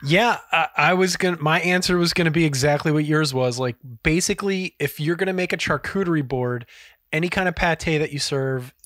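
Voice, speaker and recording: A man's voice: a little high, a little fast, a bit bright, dry recording, studio quality. Loose, profane man hosting. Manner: loose and profane, rambling asides. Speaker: podcast co-host. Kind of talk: casual chat.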